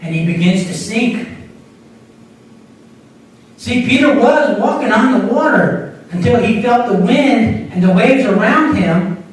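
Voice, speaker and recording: A man's voice: extremely high pitch, expressive, a little slow, long pauses, slight background noise. A man, an associate pastor, preaching a sermon in a conversational way, with small repeats and restarts. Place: church sanctuary. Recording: echoey room picked up from far off.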